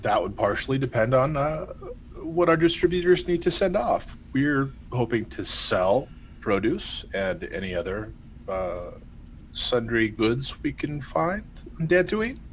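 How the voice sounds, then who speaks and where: A polite male droid speaks formally with small hesitations, as a man plays him at the table. His voice stays at a plain middle pitch, close to an everyday voice. A faint hum of ambience sits behind. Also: sing-song, a little slow, poor audio. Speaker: player.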